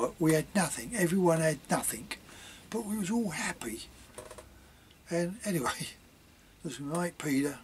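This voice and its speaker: A man's voice: medium pitch, a little hiss or hum. An older man, rambling through childhood memories with lots of fillers and asides. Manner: chatty, many fillers and asides, dialect grammar. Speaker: vlogger telling childhood memories. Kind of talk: rambling spoken reminiscence.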